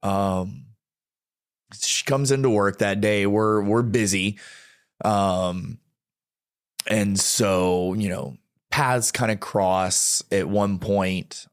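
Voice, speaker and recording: A man's voice: fairly low pitch, no echo, clean studio sound. A middle-aged man, a podcast guest, telling a personal testimony in conversation, acting out quoted dialogue and stammering when emotional.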